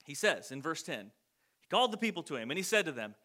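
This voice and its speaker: A man preaching a casual, conversational sermon, animated and acting out quotes in different voices. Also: a little high, fast talker. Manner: animated, acts out quotes in voices, many "like" fillers.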